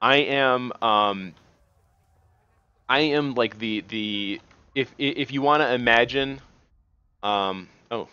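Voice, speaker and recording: A man giving casual, rambling commentary while playing a game, halting and restarting often and swearing at the game now and then. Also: mid-range voice, pushed and bright, clean tone, no echo, dull audio. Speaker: gaming video host.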